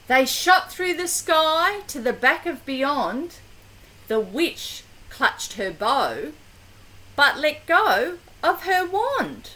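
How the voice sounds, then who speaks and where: Slow, animated older grandmother reading aloud. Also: high voice, low-quality recording. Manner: slow, animated, with gasps and questions to the child. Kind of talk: reading a picture book to a grandchild.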